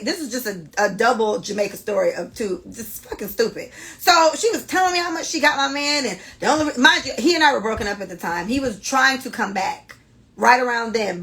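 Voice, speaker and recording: A young woman in her twenties hosting a podcast, telling stories in a blunt, profane, animated way. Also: medium pitch, gravelly, poor audio. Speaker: podcast host. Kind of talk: casual storytelling podcast.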